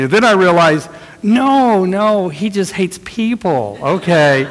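A man's voice: high voice, lively intonation, moderate pace, a bit bright, big-room sound, rough recording. A middle-aged man preaching a sermon, telling folksy stories with chuckles and acting out other people's lines. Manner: folksy storytelling, chuckling, acts out quotes. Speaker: pastor. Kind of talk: sermon with anecdotes.

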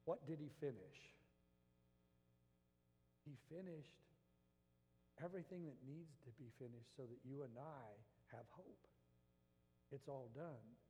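A man's voice: medium pitch, takes it slowly, pauses often. Impassioned preacher man in a reverberant hall. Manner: swings from hushed earnest tones to impassioned shouting. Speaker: pastor. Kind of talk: sermon. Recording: long reverb of a church hall.

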